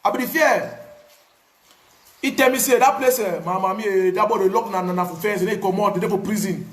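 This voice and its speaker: A man with a Cameroonian Pidgin English accent tells his own story in a casual, animated way, repeating words for emphasis. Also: sits high, a little fast, roomy sound. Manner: animated, repetitive, pidgin phrasing. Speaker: activist.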